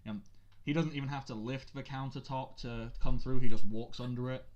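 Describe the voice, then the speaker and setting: A man running a tabletop game as game master, narrating in a relaxed way with many uhs and ums. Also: mid-range voice, brisk, slight background noise.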